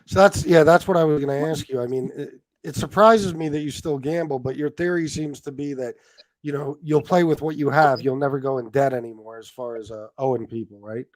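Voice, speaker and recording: A man's voice: a little high, a little fast, low-quality recording. A male interview host with a somewhat raised voice. He puts his questions hesitantly, checking what his guest means as he goes.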